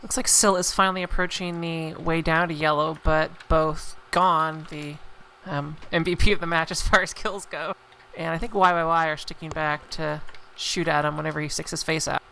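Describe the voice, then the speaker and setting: Low, gravelly woman co-commentator, measured, explains the map, faint hiss. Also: fairly even intonation, sharp tone. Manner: measured, explanatory, many ums and uhs. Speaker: match co-commentator. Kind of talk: live esports commentary. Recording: faint background noise.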